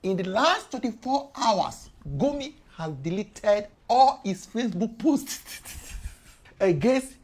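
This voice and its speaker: Husky woman with a Nigerian Pidgin accent. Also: on the high side, slow. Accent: Nigerian Pidgin English. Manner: animated, swings loud and soft, laughs between points. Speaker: commentator. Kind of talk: casual explainer talk.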